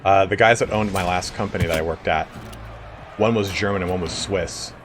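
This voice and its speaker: A man casually commenting on a game he plays live, chatting with viewers and breaking into excited reactions. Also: deep voice, brisk, slight background noise. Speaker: game streamer.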